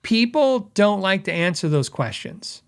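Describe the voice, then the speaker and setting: A middle-aged man hosting a podcast, talking casually and conversationally, often correcting himself and quoting customers in quick asides. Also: high voice, big pitch swings, creaky, clean tone. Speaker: podcast host; guitar repair tech.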